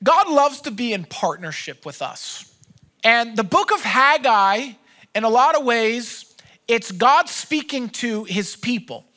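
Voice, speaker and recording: A man's voice: extremely high pitch, sing-song, measured pace, sharp tone. A man preaching a sermon as pastor, telling stories in a conversational, joking way.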